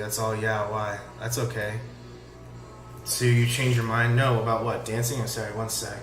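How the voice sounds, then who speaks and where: A man's voice: fairly low pitch, moderate pace. A man casually reading a chat log aloud and giving sarcastic, profane comments on it. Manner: sarcastic, swears, reads lines flatly. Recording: echoey room with faint music.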